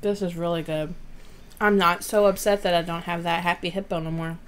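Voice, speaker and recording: A woman's voice: lowish voice, steady tone, brisk, a little hiss or hum. Chatty woman reading snack labels. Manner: chatty, reads package blurbs aloud. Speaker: co-host of a snack review show. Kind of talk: casual snack-tasting chat.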